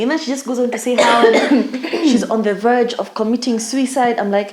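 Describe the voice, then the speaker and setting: A woman's voice: on the high side, moderate pace, hardly any pauses, darkish tone. A young Kenyan woman co-hosting a podcast, telling a story in casual chat with Swahili slang. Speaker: podcast co-host. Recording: echoey room.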